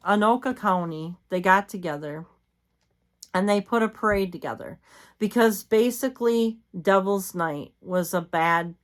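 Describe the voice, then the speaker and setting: A woman's voice: medium pitch, a bit bright. A woman vlogging at home late at night, tired and yawning, chatting casually in a rambling way with lots of fillers and reading bits of articles aloud. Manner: rambling, repeats herself, many fillers.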